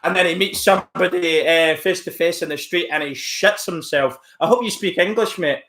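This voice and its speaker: A man's voice: high voice, normal speed, fairly bright tone. A man live-streaming from home, rambling casually as he reacts to chat messages and mocks a troll. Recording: roomy echo.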